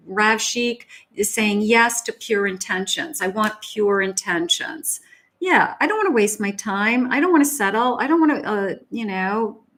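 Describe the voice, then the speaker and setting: A middle-aged woman with a slightly high voice gives a live tarot reading in a chatty, encouraging way. She laughs easily, repeats her phrases and speaks straight to her viewers. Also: fairly bright tone. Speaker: psychic tarot reader. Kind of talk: live tarot reading, casual advice talk.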